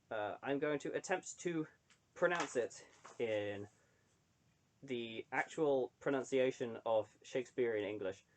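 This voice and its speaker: A man's voice: mid-range voice, a little mellow. A young adult man chatting casually to camera, rambling with lots of ums and wry asides. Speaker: online creator reading poetry.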